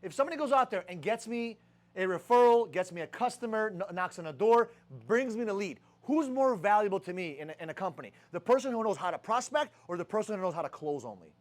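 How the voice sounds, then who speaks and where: Young male sales leader, high voice, brash and profane, fires off rhetorical questions at his team. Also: lively intonation, fast. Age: young adult. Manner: rhetorical questions, heavy swearing. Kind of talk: profane motivational sales talk.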